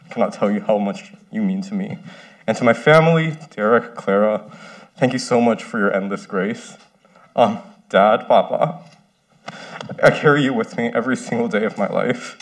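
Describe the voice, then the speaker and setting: A young man in his twenties from the San Francisco Bay Area, giving an earnest, emotional ceremony speech with some halting pauses. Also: on the low side. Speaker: first-year medical student. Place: ceremony stage.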